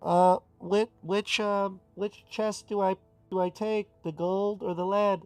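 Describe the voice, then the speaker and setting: A man's voice: high-pitched, level tone, slow, clear, resonant tone, no echo, soft background music, voice pushed up. A man doing a stammering timid henchman. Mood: nervous. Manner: stammering, unsure. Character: timid weak male henchman, hesitant.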